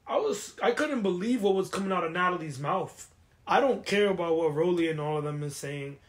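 A woman's voice: fairly low pitch, expressive, fairly quick. A woman hosting a casual chat show, venting emotionally and repeating phrases for emphasis. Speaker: podcast host.

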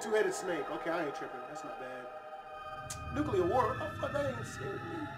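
Jumpy, cursing man with a higher voice. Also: wildly swooping pitch, moderate pace, over music. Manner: profane, jumpy, yelps and swears when startled. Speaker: YouTube host reacting to a scare challenge. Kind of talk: casual reaction commentary.

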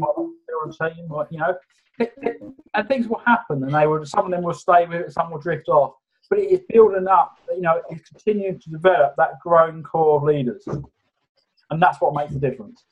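A man answers interview questions over a video call at a calm, measured pace, often pausing on "you know." His voice sits a little high for a man. The call audio is dull and muffled. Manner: steady, measured, many fillers. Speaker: guest.

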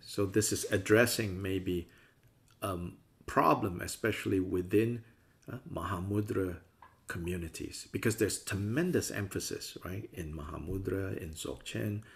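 In a dharma class lecture, a low-pitched man teaches Buddhism in an animated, conversational style, often performing the views he covers in playful voices. He speaks a little slowly with vocal fry.

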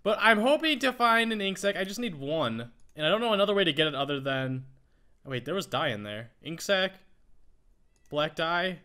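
Excitable bright-voiced man gaming. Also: high voice, normal speed. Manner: excitable, talks to in-game animals. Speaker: Minecraft let's play host. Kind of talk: casual gameplay commentary.

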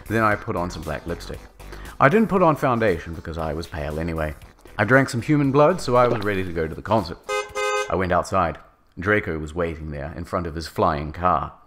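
A man narrating a comedic dramatic reading with a mocking, lively delivery. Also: low voice.

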